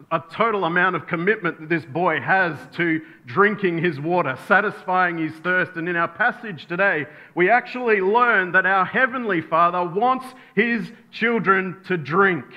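A man's voice: high-pitched, dull audio. A male pastor preaching a sermon, telling a bedtime story and acting out the voices in it. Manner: storytelling, acts out voices in anecdotes.

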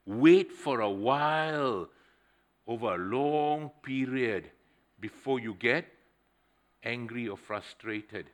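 A middle-aged man preaching a sermon, telling a personal story in a conversational, animated way and speaking straight to the congregation. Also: medium pitch, slow. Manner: conversational, addresses the congregation directly; animated storytelling with swings in loudness.

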